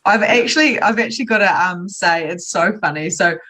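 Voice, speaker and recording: A woman's voice: lowish voice, brisk. A woman hosting a podcast interview, telling her own stories with energy and answering her guest with frequent murmured agreement. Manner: lively storyteller who acts out quoted lines. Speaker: podcast host. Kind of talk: interview conversation.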